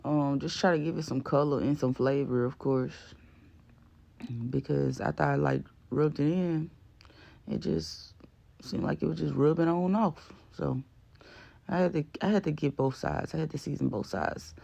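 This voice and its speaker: A man's voice: a little high, moderate pace, gravelly, darkish tone. A man giving a chatty, slangy voice-over for his cooking video, rambling along with lots of fillers. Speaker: cooking vlog host. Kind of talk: casual voice-over narration.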